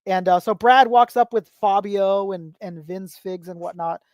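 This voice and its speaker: Young male podcast guest, lively storyteller with a dry close sound. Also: normal speed, no room sound, muffled recording. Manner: animated storyteller, acts out quotes with rising pitch. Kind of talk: casual storytelling chat.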